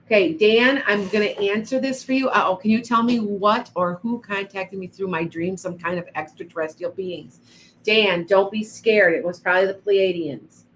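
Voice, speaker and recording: Livestream psychic host, woman, casual chatty delivery, mid pitch, faint background hum. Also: moderate pace, rough recording. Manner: chatty, addresses viewers by name, frequent restarts. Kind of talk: live-stream reading and chat.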